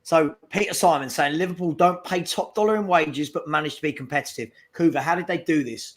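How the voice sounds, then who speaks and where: Animated male football chat co-host. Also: fairly high pitch, brisk, slight background noise. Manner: animated, calls out trolls in chat. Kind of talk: casual fan chat.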